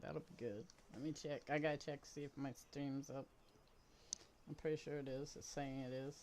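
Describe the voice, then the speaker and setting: A woman's voice: a bass voice, fairly even intonation, normal speed, darkish tone, slight background noise. An older woman casually chatting and laughing while streaming a game with her daughter. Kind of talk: casual gameplay chat.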